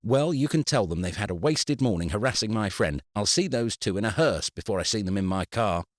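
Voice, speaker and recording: A man's voice: lowish voice, animated, brisk, no room sound, clean studio sound, voice pushed up, close to an everyday voice. A man voicing a harried, exasperated man in his middle years, with a strained, pleading voice. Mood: furious.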